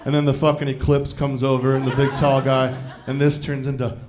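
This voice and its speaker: A man's voice: medium pitch, flat delivery, a little fast, noisy background. A man from Iowa performing a stand-up comedy set live, talking conversationally, swearing freely, and often checking in with the crowd. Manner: profane, conversational, often asks the crowd "you know what I mean?". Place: live venue before a laughing audience. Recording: live show with audience laughter. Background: crowd laughter.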